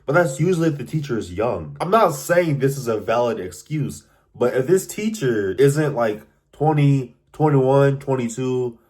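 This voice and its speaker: A man's voice: medium pitch, lively intonation, normal speed, few pauses, a little mellow. A young man reacting to anonymous confessions in casual commentary, incredulous and repeating his lines for emphasis.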